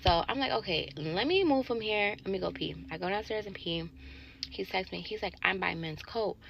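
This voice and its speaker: A woman telling a casual story to camera about a bad date, indignant and animated, swearing and acting out both sides of the dialogue. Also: medium pitch, moderate pace, vocal fry, highs cut off, slight background noise. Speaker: sales associate telling a dating story.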